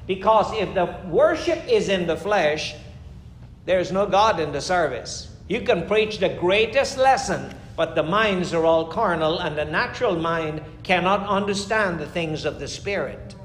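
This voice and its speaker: A man preaching a fervent sermon as pastor, emphatic, with sudden rises and slowed, stressed lines. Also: sits high, animated, fairly bright tone, slight background noise. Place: church. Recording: echoey church room.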